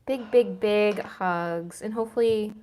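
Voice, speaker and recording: A woman's voice: mid-range voice, a little slow, a little mellow. A young woman co-hosting a live stream, reading out viewer messages and asking simple questions. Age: young adult. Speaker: co-host reading chat comments. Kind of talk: casual chat.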